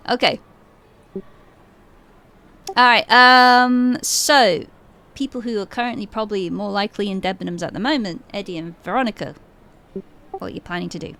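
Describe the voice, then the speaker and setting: Bright-voiced woman running a game. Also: mid-range voice, moderate pace, long pauses. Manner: giggly, casual. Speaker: game master. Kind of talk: narrating a tabletop game.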